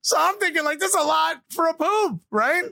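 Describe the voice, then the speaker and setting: Excitable man telling a story, very high voice. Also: fairly quick, gravelly, no room sound, clean studio sound. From Newark, New Jersey, USA. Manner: animated, excitable, often laughing mid-sentence; acts out other people's lines with exaggerated delivery. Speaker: podcast co-host. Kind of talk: casual storytelling chat.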